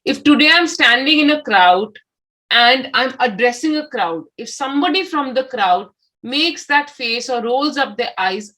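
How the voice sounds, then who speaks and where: A woman with an Indian English accent, a communication skills trainer giving a lively motivational lecture and asking her audience questions. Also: fairly high pitch, poor audio. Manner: expressive, acts out example replies, asks the audience questions.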